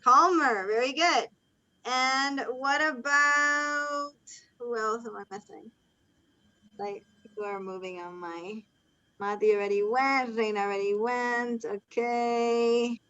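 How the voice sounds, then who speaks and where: A woman's voice: fairly high pitch, fairly even intonation, slow, bright, forceful tone. A woman teaching an online English class, patiently calling on students and explaining in English and Spanish. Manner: encouraging, switches between English and Spanish explanations. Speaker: ESL teacher. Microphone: video call. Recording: dull lo-fi video call audio.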